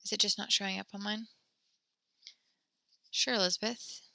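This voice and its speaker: A woman teaching a French class over a video call, patient and encouraging, reading sentences slowly and praising her students. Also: medium pitch, level tone, creaky, bright, forceful tone, no room sound.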